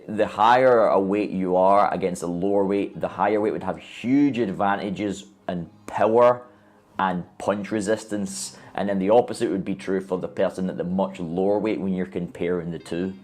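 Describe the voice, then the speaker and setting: Man, calm explainer, lowish voice, measured delivery. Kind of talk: explaining combat sports.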